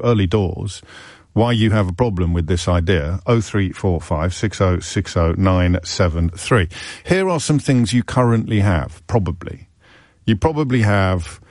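A man's voice: on the low side, darkish tone, no room sound, studio quality. A man hosting a radio phone-in, talking in a chatty, wry way with self-amused asides. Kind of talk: talk radio monologue.

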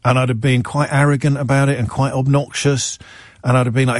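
A man's voice: mid-range voice, level tone, fairly quick, no echo, clean studio sound. A middle-aged man from England giving a rambling, self-deprecating talk as a radio presenter, often restarting his sentences. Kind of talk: conversational monologue.

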